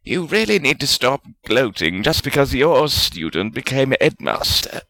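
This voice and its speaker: A man's voice: very animated, moderate pace, bright, forceful tone, dry recording, full character voice, rough recording. A man voicing a whiny old wizard spirit. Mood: snappish. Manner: whiny and aggrieved, voice climbing high. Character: peevish, defensive old male wizard spirit. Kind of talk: audiobook fan fiction reading.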